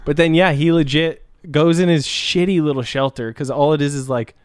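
Profane, animated podcast host with a smooth voice. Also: male voice, fairly high pitch, normal speed, few pauses, no echo, studio quality. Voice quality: animated storyteller, profane, laughs often. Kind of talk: casual crude podcast chat.

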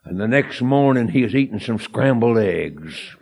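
A man preaching a fervent, folksy sermon and telling a story that builds to shouted emphasis. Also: mid-range voice, expressive, moderate pace, vocal fry, slightly rough. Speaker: evangelist preacher.

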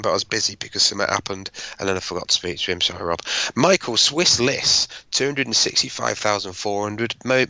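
A man co-hosting a podcast, reading out listener high scores in casual, jokey banter. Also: creaky, sharp tone, no room sound, low-quality recording. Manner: jokey, goofs around with silly voices and laughs. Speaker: podcast co-host.

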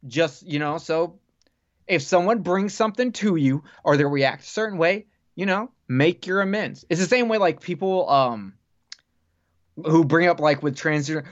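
A man chats casually on a podcast, spinning long rambling stories and swearing freely. His voice sits a little high. The recording sounds dull and lo-fi. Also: moderate pace. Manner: rambling, profane, animated storyteller. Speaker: podcast guest. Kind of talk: casual storytelling chat.

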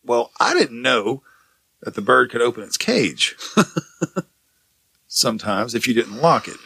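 A man's voice: mid-range voice, sing-song, a little slow, vocal fry, sharp tone, husky, dry recording. A man co-hosting a casual chat, telling rambling stories full of swearing and laughter. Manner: rambling anecdotes, heavy swearing, frequent laughter.

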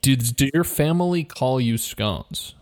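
A man's voice: mid-range voice, expressive, a little mellow. Teasing, jokey man co-hosting a podcast. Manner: teasing, jokey, quick interruptions. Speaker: podcast co-host. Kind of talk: casual chat.

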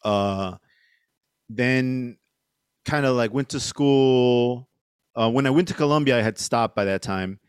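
A man's voice: mid-range voice, slow, pauses often, clear, resonant tone, dry recording, studio quality. A middle-aged man, a podcast guest, telling a story casually with lots of fillers and swearing. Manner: rambling, profane, lots of fillers.

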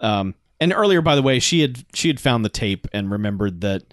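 A man co-hosting a casual film recap chat, animated and laughing often as he acts out scenes. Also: on the low side, a little fast, dry recording, studio quality. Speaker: podcast co-host.

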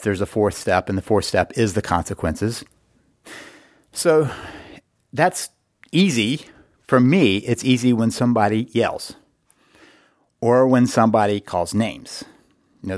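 A man's voice: fairly low pitch, no room sound, studio quality. A middle-aged man hosting an advice podcast, explaining marriage boundaries in an earnest way and repeating words for emphasis. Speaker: podcast host and marriage coach.

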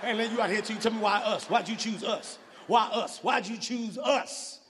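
A man's voice: sits high, brisk, long reverb tail, background noise, lightly acted. A man voicing a nosy, insistent parking booth attendant in a live stand-up routine. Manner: insistent and repetitive.

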